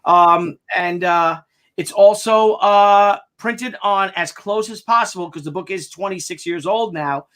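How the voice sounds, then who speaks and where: A man's voice: high voice, a little slow, fairly bright tone. An American man hosting a casual crowdfunding update, rambling and joking, often stumbling over his words. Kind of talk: casual chat.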